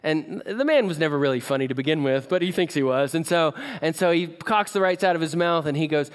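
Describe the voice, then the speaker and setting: A man's voice: on the high side, fairly quick, clear, resonant tone. A man preaching, telling a personal story in a conversational, emotional way and asking the audience questions. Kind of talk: sermon storytelling.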